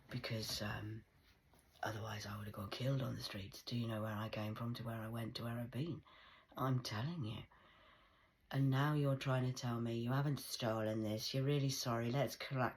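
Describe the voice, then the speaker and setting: A woman's voice: very deep voice, a little hiss or hum. A woman in her forties ranting bluntly in a heated casual monologue, swearing often. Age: 40s. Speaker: vlogger.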